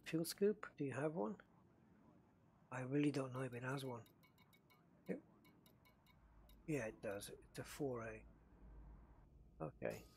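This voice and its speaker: A man's voice: mid-range voice, sing-song, slow, pauses often, a little mellow, a little hiss or hum. A man chatting casually while streaming a space game, greeting viewers by name and thinking aloud. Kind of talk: casual live-stream chat.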